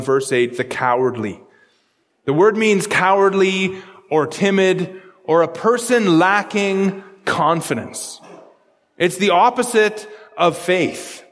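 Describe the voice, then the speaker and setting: High-voiced man preaching in an echoing hall. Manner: earnest, repeats words while explaining scripture. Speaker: pastor. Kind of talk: sermon.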